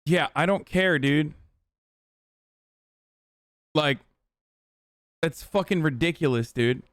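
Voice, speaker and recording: A man on a live stream tears into an interview clip in blunt, heated, profane talk. His voice sits high and smooth. The sound is dry and close. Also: takes it slowly, a bit bright, dry recording. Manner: blunt, heated, many fillers. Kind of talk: casual profane commentary.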